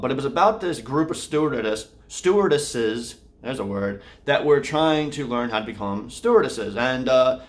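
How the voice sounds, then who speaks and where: A man talks casually through his daily video log, rambling along and restarting his sentences. His voice sits at an ordinary middle pitch. He records from his room at home. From Austin, Texas area. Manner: rambling, many fillers and restarts. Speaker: vlogger and podcast host. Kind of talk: casual daily vlog talk.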